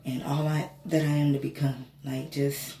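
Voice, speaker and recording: A woman tells a personal story in a casual, animated way and swears freely. She sounds gravelly at times. The room has a noticeable echo. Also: extremely low pitch, normal speed. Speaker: spiritual reader and reiki healer. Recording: echoey room with faint noise.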